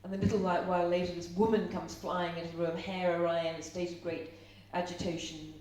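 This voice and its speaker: A woman's voice: on the low side, little pitch movement, quick pace, darkish tone. Chatty middle-aged woman in an echoey room. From Ireland. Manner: chatty storyteller, asks the audience questions. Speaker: seminar speaker. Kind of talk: live seminar talk. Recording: roomy echo, speaker far from mic, faint hum.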